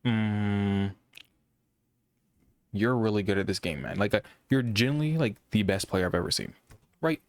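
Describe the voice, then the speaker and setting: A young man with a low, monotone voice rambles through a casual monologue about gaming. He stumbles and restarts often, and the sound is close and dry. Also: no room sound. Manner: rambling, halting with many restarts. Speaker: gaming commentator.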